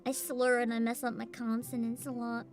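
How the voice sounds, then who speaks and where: A woman's voice: fairly high pitch, flat delivery, normal speed, faint music behind. A woman in her twenties streaming casually as a VTuber, greeting chat by name, laughing often and swearing freely. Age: 20s. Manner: reads out and greets chat names.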